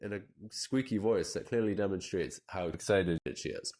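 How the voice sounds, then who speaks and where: Deep-voiced man narrating an analysis. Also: very noisy. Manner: measured, analytical delivery. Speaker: video essayist. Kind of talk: scripted narration.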